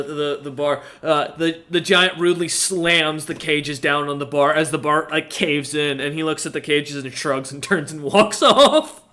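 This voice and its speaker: A man's voice: a little high, normal speed, hardly any pauses, pushed and bright. A man narrating as game master of a tabletop game, rambling with many fillers and restarts.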